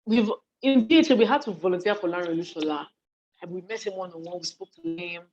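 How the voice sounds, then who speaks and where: A Nigerian woman giving a lively, conversational online talk from her home study, often checking that her listeners are following, while hungry and yawning. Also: lowish voice, fast, a little hiss or hum. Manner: lively and conversational, acts out what people say, asks listeners if they follow. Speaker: speaker on leadership and volunteering. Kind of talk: live online talk to an audience in a chat. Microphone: video call. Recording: dull lo-fi call audio.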